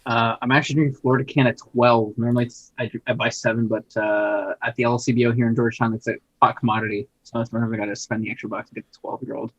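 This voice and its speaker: A man's voice: mid-range voice, little pitch movement, fast talker, hardly any pauses, husky, dry recording, highs cut off. A man co-hosting a podcast, laid-back and agreeable in casual chat. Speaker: podcast co-host.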